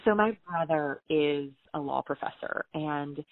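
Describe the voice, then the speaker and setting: A woman from the American South with a low, unhurried voice appears as a guest writer, heard over a tinny, phone-like line with no room sound. She animatedly tells casual stories from her career, acting out the dialogue she quotes.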